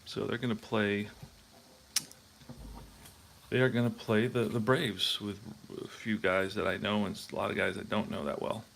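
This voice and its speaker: A man's voice: fairly low pitch, flat delivery, normal speed, gravelly, long pauses, a bit bright, slight background noise. A man hosting a tabletop baseball replay, chatting casually and thinking aloud as he checks scorebooks. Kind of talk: casual talk while playing.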